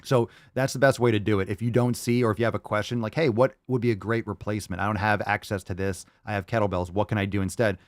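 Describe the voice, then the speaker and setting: A man hosting a casual solo podcast, reading out fan posts with loud, jokey, profane energy. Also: fairly low pitch, fairly even intonation, fast talker, hardly any pauses, no echo, studio quality. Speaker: podcast host.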